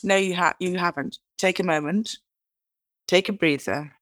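Guest: British woman, lively raconteur, dry close sound. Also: lowish voice, normal speed, no room sound. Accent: British English. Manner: animated storyteller who acts out quoted lines; chatty, restarts and repeats words. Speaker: guest author. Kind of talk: interview conversation.

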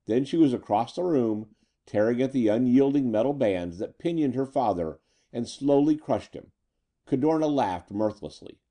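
A man's voice: mid-range voice, expressive, moderate pace, dark tone. A man narrating a pulp adventure story from a script, with a dramatic storytelling manner.

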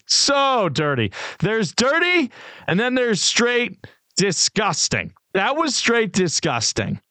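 A man's voice: mid-range voice, fairly bright tone, no room sound. A male sports radio host, chatting casually and opinionatedly, talking straight to his listeners. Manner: opinionated, conversational, addresses listeners directly.

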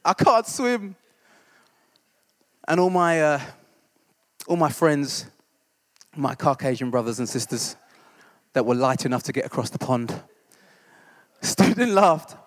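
High-voiced man preaching. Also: lively intonation, slow pace, pauses often, long reverb tail. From East End of London. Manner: conversational, self-deprecating, keeps asking "right?". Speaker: church discipleship leader. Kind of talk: humorous storytelling sermon.

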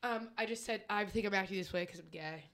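Bright-voiced woman telling a story. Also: mid-range voice, fast talker, a little hiss or hum. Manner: animated, swearing, laughing through the story. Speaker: podcast co-host, comedian. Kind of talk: casual storytelling chat.

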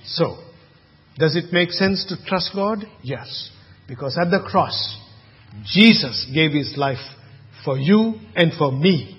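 A man preaching a sermon, moving between hushed, quiet passages and loud, emphatic ones. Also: on the high side, animated, slow, slightly rough. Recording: lo-fi with long reverb in a hall.

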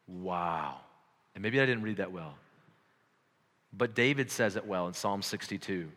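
A man preaching a sermon in a casual, conversational way, swinging between loud exclamations and quiet, reflective passages. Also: lowish voice, lively intonation, normal speed, long reverb tail. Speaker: pastor.

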